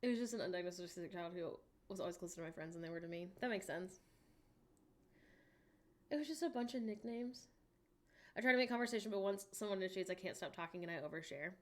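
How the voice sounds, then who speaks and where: A woman in her late twenties, hosting a livestream in a casual, candid chat and reading viewer messages aloud with animated asides. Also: on the low side, fast. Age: late 20s. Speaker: livestream host.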